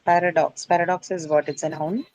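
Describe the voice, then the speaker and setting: A woman's voice: on the low side, normal speed, low-quality recording. A woman teaching English word stress to a class. She explains step by step, often says "uh", and asks her students questions.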